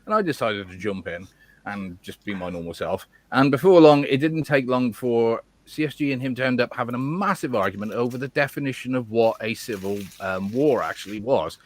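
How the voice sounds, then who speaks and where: A man's voice: mid-range voice, expressive, brisk, no room sound, low-quality recording. Man, from England, podcast host, sarcastic, crude banter, casual chat.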